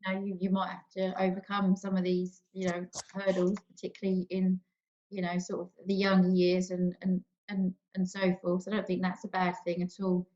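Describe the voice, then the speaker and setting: East woman, panel guest, level, unhurried and reflective, slightly muffled line. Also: lowish voice, completely flat delivery, a little mellow. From east London. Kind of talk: casual panel discussion. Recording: dull lo-fi sound.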